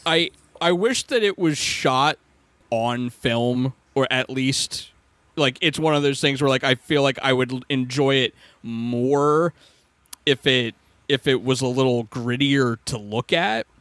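Man, podcast co-host, slow deliberate speech, dry close sound. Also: medium pitch, a bit bright, dry recording. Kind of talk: casual chat.

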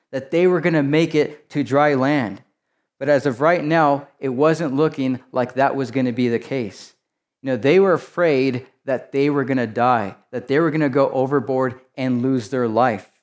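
A man's voice: medium pitch, darkish tone. Man preaching a conversational sermon. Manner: conversational preaching, rhetorical asides. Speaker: pastor.

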